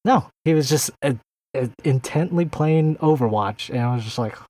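A man's voice: fairly high pitch, moderate pace, darkish tone, no room sound. Casting: man, podcast co-host, rambling, filler-heavy storytelling. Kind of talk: casual podcast chat.

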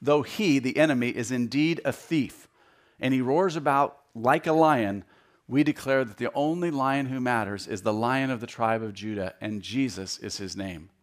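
A man in his fifties preaches as a guest speaker in a church. He talks in a conversational way, with jokes and repeated words. His voice rises and grows louder when he drives a point home. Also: mid-range voice, moderate pace. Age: 50s. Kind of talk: sermon. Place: church sanctuary.

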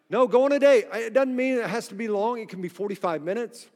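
A man with a high voice preaches to his church, lively and playful as he jokes with the people in front of him. His words ring out with a long hall reverb behind them. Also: fast talker, few pauses. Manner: energetic, joking with the congregation. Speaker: pastor. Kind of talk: sermon. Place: church sanctuary.

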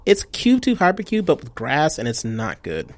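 A man's voice: a little high, huge pitch swings, normal speed, no echo. A man co-hosting a casual movie chat, wry and sarcastic, laughing often. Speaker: podcast co-host.

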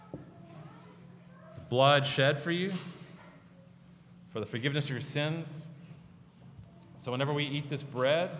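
A man preaching a sermon as a pastor, earnest and often dropping to a hushed, tender tone. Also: mid-range voice, a little hiss or hum. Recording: long reverb of a large hall.

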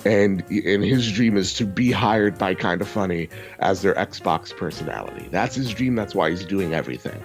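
A man's voice: low-pitched, lively intonation, normal speed, hardly any pauses, over music. A young man in a casual podcast chat, telling a long frustrated story and swearing freely. He quotes other people in mimicked voices as he goes. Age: young adult.

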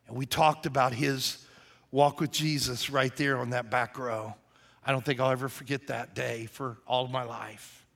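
In a mid-range, creaky, fairly bright voice with fairly even intonation and normal speed, a pastor delivers a sermon. He shares a personal story in a conversational style that grows emphatic, earnest, and intense as it closes.

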